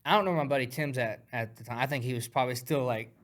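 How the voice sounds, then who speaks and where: Excitable man telling a profane story. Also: mid-range voice, very fast. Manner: profane, excitable, acts out punches with sound words. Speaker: guest fighter. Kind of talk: animated storytelling.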